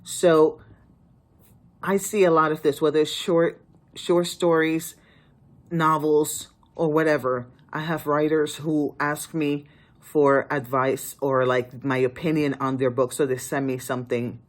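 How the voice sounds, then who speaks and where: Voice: mid-range voice, little pitch movement, measured pace. An author giving casual writing advice to the camera, emphatic and pleading, often restarting sentences.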